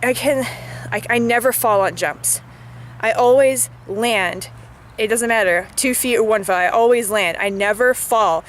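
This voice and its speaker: A woman's voice: a little high, a little slow, slight background noise. A woman vlogging in a casual chat, talking in a chatty, filler-heavy way and venting her frustration.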